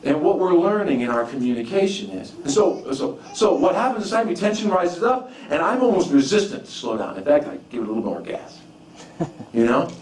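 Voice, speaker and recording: A man's voice: fairly high pitch, sing-song, a little fast, darkish tone. A man preaching a conversational sermon, repeating and restarting phrases as he tells personal stories. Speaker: pastor. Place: church sanctuary. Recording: echoey room from far off.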